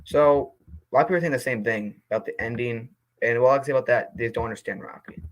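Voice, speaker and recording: A young man talks casually to his viewers, reading reviews and reacting with fiery indignation. His outbursts give way to sheepish apologies, all in an everyday, mid-pitched voice. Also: poor audio. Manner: passionate, quickly indignant, then apologetic. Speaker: vlogger reading movie reviews.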